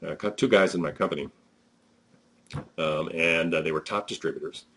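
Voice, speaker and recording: A man's voice: sits low, normal speed, fairly bright tone. A man giving a conversational, emphatic motivational talk as a network marketing trainer, with frequent fillers.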